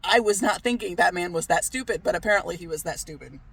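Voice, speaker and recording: A man's voice: sits high, quick pace, creaky, a bit bright, breathy edge. A man telling a story in a casual vlog, ranting, swearing freely and laughing often. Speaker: vlogger.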